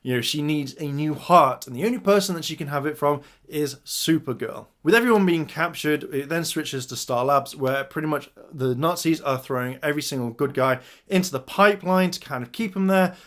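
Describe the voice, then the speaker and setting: A man's voice: on the high side, fairly quick, few pauses, fairly bright tone. A man giving an enthusiastic casual review of TV episodes, retelling scenes and addressing his viewers. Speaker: video reviewer.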